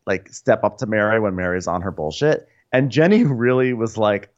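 A man co-hosting a podcast gives a casual recap, tossing in wry asides and laughter. His voice is on the low side at a moderate pace, and the recording sounds dull and muffled.

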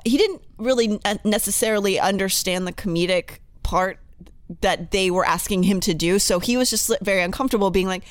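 A woman co-hosting a podcast in casual chat, talking in a chatty, halting way with frequent restarts. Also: mid-range voice. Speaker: podcast co-host.

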